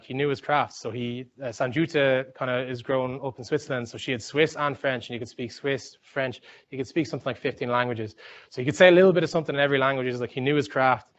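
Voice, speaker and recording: A young Irish man giving a rambling, chatty talk full of fillers and restarts. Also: mid-range voice. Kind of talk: informal talk with anecdotes. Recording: dull lo-fi sound.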